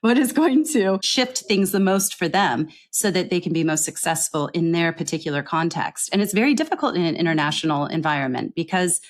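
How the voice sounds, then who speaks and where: A woman in a podcast interview who explains accent coaching in an earnest, thorough way. Her voice sits fairly low for a woman, and she keeps tagging her points with a quick "right?". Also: expressive. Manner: explanatory, earnest, often adds a questioning "right?".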